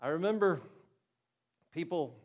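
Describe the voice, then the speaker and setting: A man's voice: on the high side, animated, a little slow, lo-fi sound. An older man preaching a sermon in an earnest, conversational way, now and then acting out the voices of the people in his stories.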